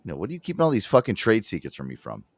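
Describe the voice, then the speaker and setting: A man from Connecticut hosting a casual radio show, rambling and swearing freely as he tells animated stories. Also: fairly low pitch, rapid-fire, dry recording, clean studio sound. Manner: profane, rambling, animated storyteller.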